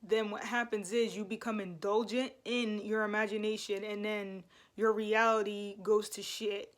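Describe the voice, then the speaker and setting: Young woman, casual spiritual vlog, rambling, mid-pitched voice, loose chat. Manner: rambling, loose and conversational with many fillers. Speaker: spiritual vlogger. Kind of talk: casual talk to camera.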